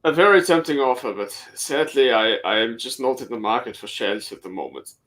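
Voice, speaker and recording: A man's voice: medium pitch, lively intonation, a bit bright, natural voice. A man playing a wary hobgoblin armorer. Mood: dry. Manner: measured, formal and dry.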